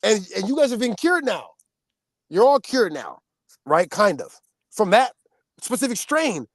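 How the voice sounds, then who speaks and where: A man talking casually on a podcast, his voice sitting a little high and jumping far higher when he gets excited. He tells stories in an animated way and laughs often. The sound is dry and close, with no room around him. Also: a little slow, no echo. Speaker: podcast co-host. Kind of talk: casual chat.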